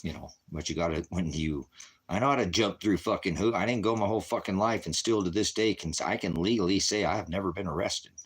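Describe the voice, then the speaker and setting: A man's voice: deep voice, quick pace, breathy edge. A man who leads a ministry, rambling angrily in a profane monologue and swearing heavily. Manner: rambling, angry, heavy swearing. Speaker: ministry leader.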